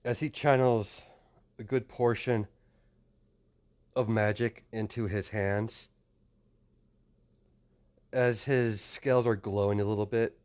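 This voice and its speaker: Low-voiced man rambling through a story. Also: steady tone, takes it slowly, pauses often, a little mellow, smooth. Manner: rambling, hesitant, many fillers and restarts. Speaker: fan fiction narrator. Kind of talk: improvised story narration.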